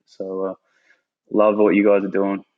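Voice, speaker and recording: A man's voice: low-pitched, completely flat delivery, a little slow, narrow, tinny audio. A man with an Australian accent chatting casually as a podcast guest, laid-back, swearing freely and saying "mate" a lot. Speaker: guest, former army sniper.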